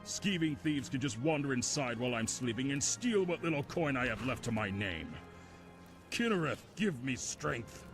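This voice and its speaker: A man's voice: mid-range voice, lively intonation, normal speed, fairly bright tone, faint music behind. An actor voicing an aggrieved, bitter male townsman in a video game.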